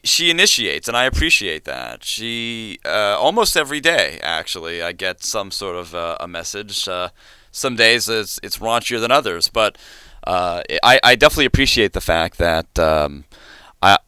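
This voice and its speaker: Male co-host, low crisp voice, halting casual delivery. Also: big pitch swings, pushed and bright, no room sound. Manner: hesitant, many fillers and restarts. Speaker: podcast co-host. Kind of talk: casual chat.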